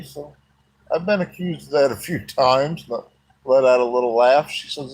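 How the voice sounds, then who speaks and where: A man's voice: mid-range voice, steady tone, moderate pace, poor audio. A man telling a personal story in a folksy, plain-spoken way.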